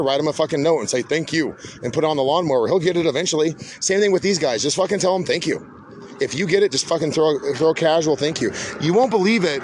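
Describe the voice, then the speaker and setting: Laid-back swearing man, outdoor noise. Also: fairly high pitch. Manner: laid-back, swears often, says "dude". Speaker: podcast host. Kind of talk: rambling casual monologue.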